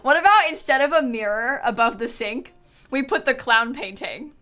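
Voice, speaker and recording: Her voice sits high, animated, pushed, and bright at a moderate pace: a woman streaming a building game, chatting casually. Sounding tired, she yawns occasionally, giggles frequently, and thinks out loud with many fillers.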